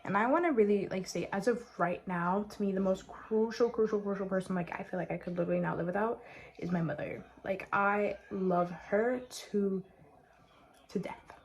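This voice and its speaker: A woman's voice: medium pitch, brisk. A young woman chatting casually while doing her makeup, sarcastic and full of "like" fillers. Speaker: beauty vlogger. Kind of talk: casual get-ready-with-me chat.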